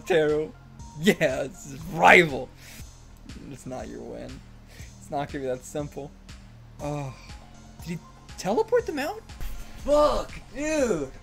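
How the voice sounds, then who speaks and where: A man hosting a casual manga reaction, excitable, swearing and shouting encouragement at the page. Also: on the high side, unhurried, vocal fry, pauses often, soft background music. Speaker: anime reaction host.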